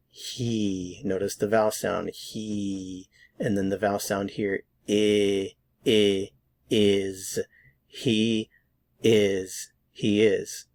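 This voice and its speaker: Slow, patient American male pronunciation teacher. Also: lowish voice, vocal fry, darkish tone, no echo, clean studio sound. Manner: patient, repeats words slowly for practice. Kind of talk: slow, deliberate pronunciation lesson.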